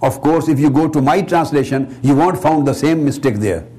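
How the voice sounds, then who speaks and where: A man's voice: a little high, normal speed, warm tone, slightly rough. A man giving a religious lecture, explaining the grammar of a text and repeating key words to drive his point home. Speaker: Islamic scholar and speaker. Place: Islamic center hall.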